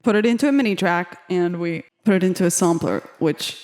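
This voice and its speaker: A woman's voice: fairly low pitch, fairly quick, darkish tone, no room sound. A young woman chatting and giggling as she makes a beat in her home studio, talking to herself and to viewers. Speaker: beatmaker making a track on camera. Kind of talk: casual chat while making music.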